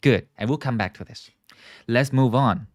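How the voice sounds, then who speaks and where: Man teaching English, slow emphatic drilling. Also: mid-range voice, no room sound, studio quality. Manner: explains slowly, stretches key words, many check-ins like "okay?" and "right?"; models pronunciation and asks viewers to repeat. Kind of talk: live online English lesson.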